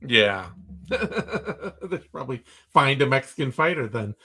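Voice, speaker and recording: Slow-talking bright-voiced male podcast host. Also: medium pitch, very animated, breathy edge. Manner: joking, opinionated, loose with fillers. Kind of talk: casual podcast chat.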